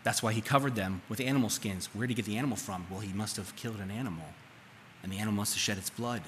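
A man's voice: on the low side, fast. A man preaching a sermon as a pastor, talking casually and putting questions to his congregation. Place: church sanctuary. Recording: live church hall reverb, faint room noise.

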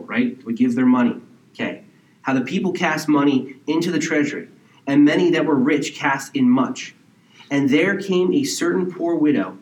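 Male pastor, sermon delivery, conversational with rhetorical questions, mid-range voice, roomy and a bit distant from the mic. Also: mid-range voice. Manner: conversational preaching with rhetorical questions and mocking impressions. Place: church sanctuary.

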